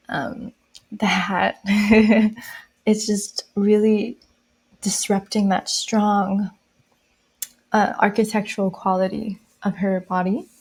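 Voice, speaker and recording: A woman explaining a style system in a lesson, speaking softly and listing qualities one phrase at a time. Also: medium pitch. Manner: slow, soft-spoken, listing qualities one by one. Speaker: style educator.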